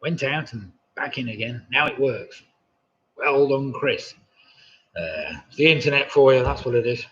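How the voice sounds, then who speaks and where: Man, quiz host, chatty asides, mid pitch, muffled lo-fi sound. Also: expressive, measured pace, fairly bright tone. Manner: chatty, rambling asides, jokey. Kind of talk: live online quiz hosting. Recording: dull lo-fi stream audio.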